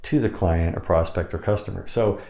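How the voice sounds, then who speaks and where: Low-voiced man teaching in an echoey room. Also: normal speed, creaky, mellow. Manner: explains step by step, demonstrates with pitch changes. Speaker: sales hypnosis coach. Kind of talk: instructional explanation.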